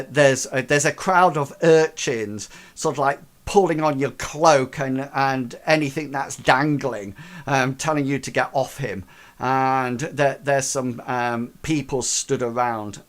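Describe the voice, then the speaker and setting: A man's voice: medium pitch, unhurried. A man narrating as game master, with loose rambling phrasing and many fillers.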